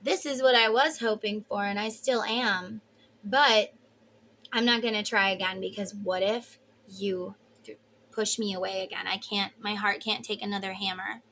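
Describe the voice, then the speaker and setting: A woman's voice: mid-range voice, fairly even intonation, normal speed, pushed and bright, slight background noise. A woman giving a casual tarot reading to her viewers, emotive and chatty, with the odd swear word. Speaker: tarot reader.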